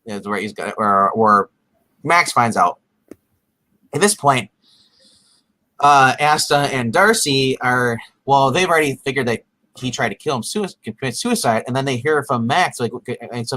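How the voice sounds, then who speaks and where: Bright-voiced man rambling through a recap. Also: medium pitch, normal speed, dry recording, rough recording. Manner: rambling, filler-heavy, acts out characters' lines in animated bursts. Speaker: podcast co-host recapping a TV episode. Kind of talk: casual chat.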